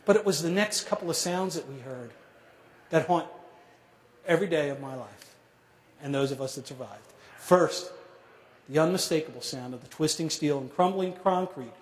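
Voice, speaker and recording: Middle-aged man telling a dramatic story. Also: fairly high pitch. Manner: measured, dramatic pauses, drops to a hush at grave moments. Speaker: speaker telling a survivor story. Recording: echoey hall.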